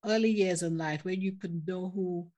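A woman's voice: lowish voice, moderate pace, mellow. An older woman who grew up in the Caribbean, speaking reflectively as a podcast guest and laughing easily. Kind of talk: conversational interview.

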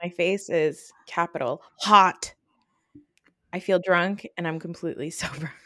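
Giggly podcast host lady, bright voice, super dry mic. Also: fairly low pitch, unhurried, dry recording. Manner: laughs often, gushing and excitable. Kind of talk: casual chat.

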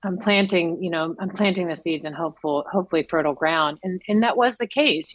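Actress guest, woman, lively storyteller, dry close mic. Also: a little fast, hardly any pauses, no room sound. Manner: animated, acts out quotes with big pitch jumps. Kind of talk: casual interview chat.

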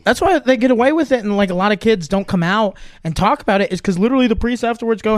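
A man's voice: high-pitched, quick pace, few pauses, no room sound, clean studio sound. A man who grew up in Germany, a comedian telling stories in casual podcast chat, acting out the people he quotes. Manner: animated storytelling with quoted voices.

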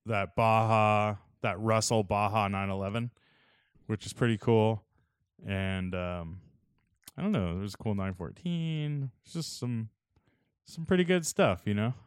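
A man's voice: lowish voice, unhurried, smooth, no room sound, studio quality. A young man telling stories in a casual chat, laid-back, full of "like" and "dude".

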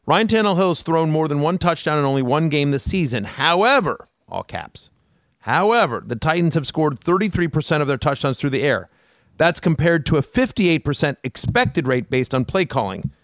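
A man's voice: on the high side, sing-song, brisk, no echo, clean studio sound. A man co-hosting a fantasy football podcast, talking casually with frequent fillers and restarts. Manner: conversational, hedging with fillers. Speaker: podcast co-host.

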